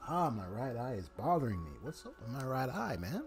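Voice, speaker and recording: A man streaming a game live, excitable, his voice jumping high when surprised. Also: a little fast, hardly any pauses, over music. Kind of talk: live gameplay reaction.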